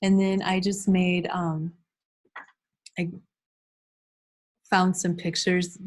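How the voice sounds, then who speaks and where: A middle-aged woman training teachers over a video call, animated and teacherly, acting out classroom routines. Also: fairly low pitch, slow. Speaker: early childhood behavior trainer. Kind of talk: online class presentation. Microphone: computer mic on a video call.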